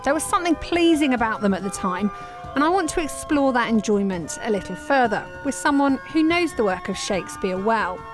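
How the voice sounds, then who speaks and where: A woman's voice: fairly high pitch, expressive, a little fast, low-quality recording. Woman narrating over music. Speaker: presenter. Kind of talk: scripted narration.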